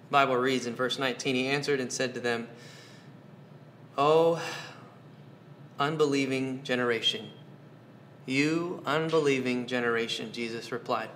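A man's voice: mid-range voice, fairly even intonation, moderate pace, pauses often, bright, forceful tone, a little hiss or hum. A man preaching a sermon, earnest, asking his listeners question after question and repeating phrases for emphasis. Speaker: pastor.

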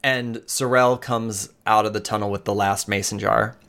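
Game master, man, low voice, casual, hesitant narration. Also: steady tone, normal speed, a bit bright. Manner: casual, hesitant, many fillers.

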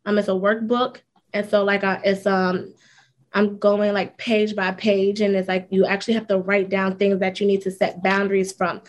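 A woman, a school counselor, talking candidly and with energy as a guest in a casual interview. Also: mid-range voice. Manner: candid, animated storytelling with fillers.

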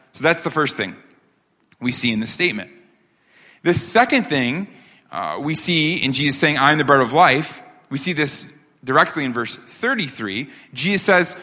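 A man preaching a sermon as pastor, emphatic, asking rhetorical questions and slowing down on key phrases. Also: a little high, bright, forceful tone. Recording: long hall reverb.

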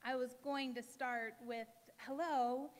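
A woman poet performs spoken word on a stage before a live audience, each phrase measured and emphatic. Her voice sits a little high, and she takes her time with it. The sound rings out with a long hall reverb. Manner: measured, emphatic poetic delivery with deliberate pauses.

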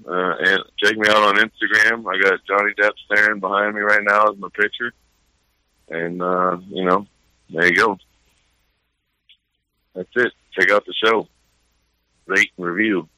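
A man's voice: on the low side, steady tone, moderate pace, pushed and bright, no echo, low-quality recording. A man hosting a podcast in a casual chat, laid-back and rambling, swearing often. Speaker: podcast host.

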